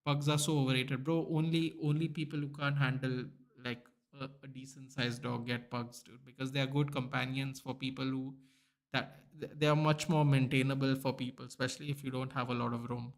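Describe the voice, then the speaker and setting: A man's voice: mid-range voice, level tone, brisk. A young man, chatting casually to viewers during a live football watchalong stream. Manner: chatty, reacting aloud to chat, many restarts and "bro", "dude".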